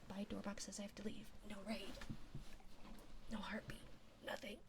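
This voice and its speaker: A woman streamer giving a whispered ASMR livestream chat, softly whispering and giggling. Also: mid-range voice, little pitch movement, background noise. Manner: soft whispering, slow and drawn out, often giggling. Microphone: binaural dummy-head microphone.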